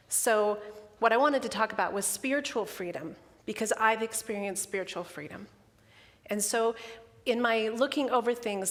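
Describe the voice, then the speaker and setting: A woman's voice: fairly high pitch, a bit bright. A middle-aged woman minister giving a candid, personal sermon, emotional and close to tears. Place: church sanctuary. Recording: long hall reverb.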